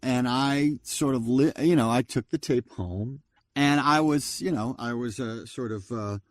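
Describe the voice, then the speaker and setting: Guy in his 50s telling showbiz stories, chatty, mid pitch, dry close sound. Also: unhurried, no echo. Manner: chatty, acts out others' lines as he recounts. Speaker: voice actor guest. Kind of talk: casual storytelling interview.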